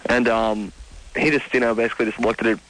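A young man of nineteen calling a radio show, speaking haltingly with frequent pauses. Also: medium pitch, flat delivery, fairly bright tone, poor audio. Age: young adult. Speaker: caller. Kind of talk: phone-in conversation.

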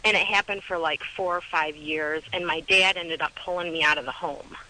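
A woman in her twenties calling in to a radio show, talking haltingly about her life. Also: deep voice, steady tone, pushed and bright, rough recording. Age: 20s. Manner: halting, hesitant. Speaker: caller. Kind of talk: phone-in radio call.

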